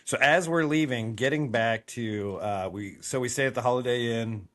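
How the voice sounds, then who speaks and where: A man's voice: medium pitch, moderate pace, a bit bright. A man co-hosting a podcast, telling rambling stories in casual chat and swearing freely. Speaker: podcast co-host.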